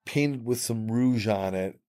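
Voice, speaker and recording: A man's voice: mid-range voice, mellow. A man co-hosting a podcast, chatting casually and giving blunt opinions, often restarting his sentences. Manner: opinionated, frequent restarts, drawn-out phrasing. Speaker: podcast co-host. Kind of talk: casual chat.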